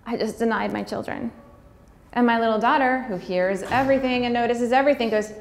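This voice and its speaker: A woman giving a personal talk, speaking candidly and heartfelt with fillers, sometimes breaking into quick, acted-out dialogue. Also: on the high side, slight background noise. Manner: acts out dialogue in quick bursts. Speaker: speaker on pregnancy loss.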